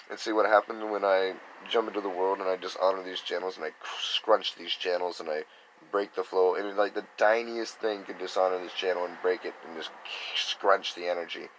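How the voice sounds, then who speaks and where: A man's voice: deep voice, a bit bright, slight background noise, low-quality recording. A man giving a rambling, casual spiritual talk, acting out other people's reactions in quoted voices. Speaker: spiritual speaker.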